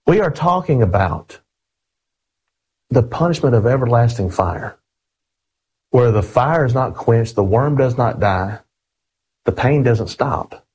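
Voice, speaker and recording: A man preaching an earnest, emphatic sermon, slowing down to read scripture aloud and calling his listeners friends. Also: mid-range voice, lively intonation, darkish tone, slightly rough, poor audio.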